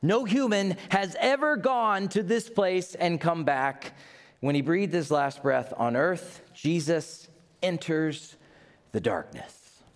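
A pastor preaches, a middle-aged man whose voice sits a little higher than most. He tells stories with energy, acting out the voices he quotes and leaping up and down in pitch. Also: takes it slowly. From Tennessee, USA. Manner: lively storyteller, acts out quotes, jumps in pitch. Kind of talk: sermon.

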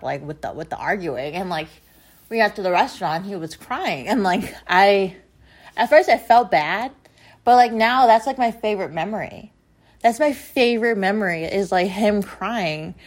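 A young adult woman talking straight to her viewers in a confessional vlog, rambling with lots of fillers. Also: lowish voice. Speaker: vlogger. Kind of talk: confessional casual monologue.

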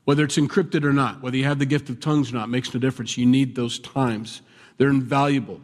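A man preaching a sermon in a relaxed, conversational way, now and then raising his voice in animated bursts. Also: mid-range voice, fast. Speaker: pastor. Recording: long hall reverb.

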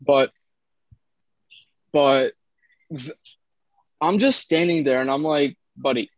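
A man's voice: on the high side, slow, no room sound, low-quality recording. Young man telling a crude story. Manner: rambling, crude, jokey anecdote teller. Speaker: podcast co-host. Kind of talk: casual storytelling chat.

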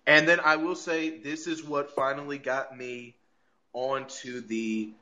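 A man's voice: medium pitch, fairly even intonation, unhurried, bright, forceful tone, rough recording. A man hosting a podcast, recapping wrestling in casual, profane chat, often repeating words and laughing. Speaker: podcast host.

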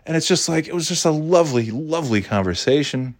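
A man's voice: fairly high pitch, lively intonation, fast talker, no room sound, clean studio sound. A man in his forties casually telling a personal anecdote, rambling and self-deprecating with frequent restarts. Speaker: storyteller.

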